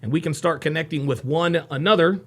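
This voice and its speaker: A brisk man hosts a casual livestream, reading out viewers' names and locations with upbeat shout-outs, then slipping into low, mumbled asides.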